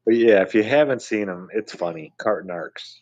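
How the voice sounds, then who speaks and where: A man co-hosting a podcast in casual chat, telling stories with animated, lively delivery. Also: normal speed, lo-fi sound, a little hiss or hum. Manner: animated storyteller, mimics people in high voices. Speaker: podcast co-host.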